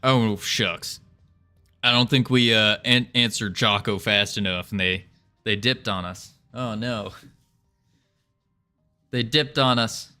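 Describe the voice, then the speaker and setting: A man's voice: lowish voice, slow, long pauses, sharp tone, clean tone, faint music behind. A man streaming his game development, chatting casually with a playful, rambling manner and often repeating his own phrases. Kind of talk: casual livestream chat.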